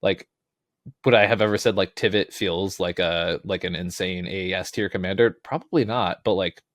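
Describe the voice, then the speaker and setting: A man's voice: deep voice, steady tone, normal speed, a bit bright, no echo, studio quality. A man talking as a podcast guest in casual chat, rambling, laughing often and poking fun at himself. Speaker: podcast guest, tournament player.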